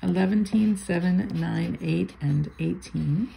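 A gravelly, fairly low-voiced older woman chats casually while scratching lottery tickets, calling out numbers and half-muttering asides. A faint hum of room noise sits under her voice. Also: slow pace, dark tone, poor audio. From Florida.

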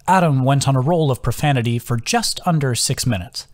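A man, the author, reading his own novel as an audiobook in a calm, even storytelling manner. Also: mid-range voice, fairly quick, few pauses, no echo. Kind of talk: audiobook narration.

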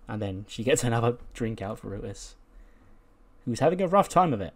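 A man's voice: mid-range voice, big pitch swings, brisk. A man casually narrating a wrestling management game, chatty and loose, with frequent fillers and laughs. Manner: chatty, laughing, many "like" and "you know" fillers. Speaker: game commentator. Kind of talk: casual let's play narration.

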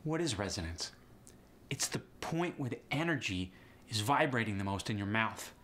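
A man's voice: lowish voice, lively intonation, normal speed, a bit bright. A man hosting an instructional accent lesson in a jokey, teasing way. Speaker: accent coach and host.

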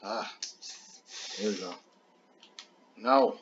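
A man playing a video game with his young child, giving casual, excitable commentary, laughing often and cheering on other players. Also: lowish voice, very slow, lo-fi sound, a little hiss or hum.

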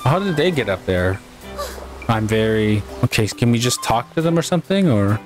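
A man talking his way through a video game in a loose, reactive way, laughing and cursing when things go wrong. His voice sits at a middle pitch. Game music plays clearly behind him. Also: big pitch swings, normal speed. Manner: reactive, laughing, swears in surprise. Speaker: gaming channel host. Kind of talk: casual let's-play commentary.

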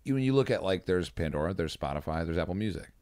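A man's voice: low-pitched, expressive, fast, darkish tone, dry recording. A man hosting a podcast, asking rambling questions full of fillers. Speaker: podcast host. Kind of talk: casual podcast interview.

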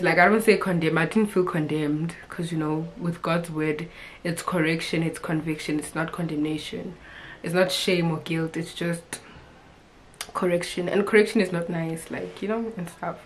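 A woman's voice: deep voice, normal speed, slight background noise. A young woman from Africa, chatting casually and expressively to camera with frequent laughs and fillers. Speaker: vlogger.

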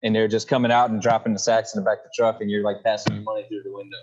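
A man's voice: fairly low pitch, monotone, rapid-fire, darkish tone, highs cut off. A man from Louisiana with a Louisiana accent, a guest talking easily over a video call. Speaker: podcast guest. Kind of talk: casual chat.

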